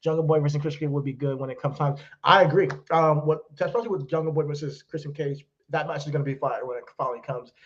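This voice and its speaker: Chatty man with a higher voice, lo-fi sound. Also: fast, hardly any pauses. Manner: relaxed, chatty, laughs easily, many fillers. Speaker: podcast co-host. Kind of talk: casual chat. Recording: dull lo-fi sound.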